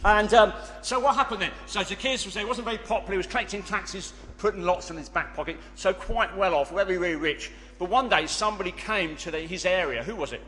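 A man's voice: high-pitched, quick pace, hardly any pauses, sharp tone. A man leading a church children's club and speaking earnestly to a congregation, with fillers and restarts. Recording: long reverb of a big hall.

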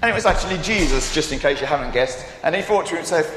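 A man telling a Bible story in a playful, animated way with frequent asides to listeners. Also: on the high side, fast, a little hiss or hum. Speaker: storyteller for a congregation. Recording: echoey hall with faint ambience.

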